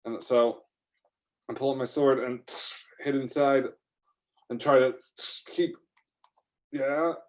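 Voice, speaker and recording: A man telling an improvised first-person adventure story in a rambling, excitable way, full of fillers and restarts. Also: medium pitch, slow pace, pauses often.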